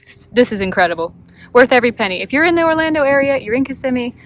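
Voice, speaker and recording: A woman's voice: sits high, lively intonation, racing, poor audio. A woman vlogging from a kayak on a creek, gushing and talking to her viewers. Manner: awed, gushing, talks to viewers. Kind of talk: kayaking vlog narration. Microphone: phone camera.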